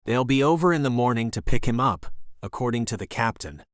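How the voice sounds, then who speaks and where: A man's voice: mid-range voice, animated, fairly quick, dry recording. Man narrating a thriller, dry sound. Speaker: audiobook narrator. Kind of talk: scripted narration.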